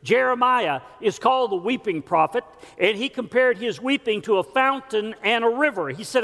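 A man's voice: high-pitched, animated, moderate pace, creaky, hardly any pauses, fairly bright tone. A male pastor preaching a sermon, earnest and folksy, with scripture and homespun stories. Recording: long church hall reverb.

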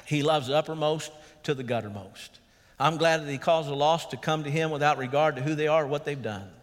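Man, pastor, earnest sermon, fairly high voice, long church reverb. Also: brisk. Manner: earnest preaching with calls of "Amen?". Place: church sanctuary.

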